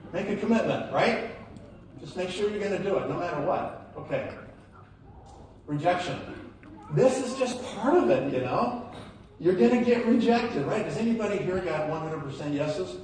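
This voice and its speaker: A man delivers a rousing motivational talk to a packed hall, his fairly high voice jumping into loud, emphatic peaks as he throws questions at the crowd. The sound comes from a phone somewhere out in the audience, so the voice is distant and washed in heavy hall echo. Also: expressive, moderate pace, a little hiss or hum. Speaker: motivational speaker at a sales event. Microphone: phone recording from the audience. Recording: echoey hall, phone-streamed from afar.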